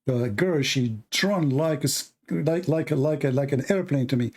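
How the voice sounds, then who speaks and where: Host, male, arabic first language, excitable and laughing, slightly high voice. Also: normal speed, hardly any pauses, slightly rough. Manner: animated, laughing, broken English, exclamatory. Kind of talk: casual storytelling and polemic.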